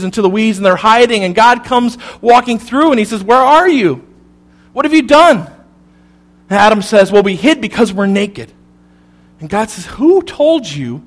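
A man preaching a sermon, telling the story with humor and dropping to a soft, serious tone at key points. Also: high-pitched. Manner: animated, humorous storytelling with sudden drops to soft intensity. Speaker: pastor.

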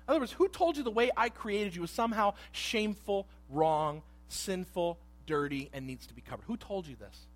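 A man in his thirties preaching a sermon, animated and conversational, dropping to hushed asides and rising to loud emphasis. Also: high-pitched, fairly quick, hardly any pauses. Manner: animated, acts out voices in quotes, swings between hushed asides and loud emphasis. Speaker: pastor.

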